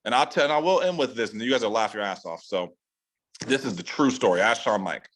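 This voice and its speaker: A sales team leader from California runs a training call, speaking fairly quickly in a rough recording. His casual pep talk is loose, foul-mouthed, and stuffed with slang fillers, and he gets animated, his voice rising steeply to emphasize each key point.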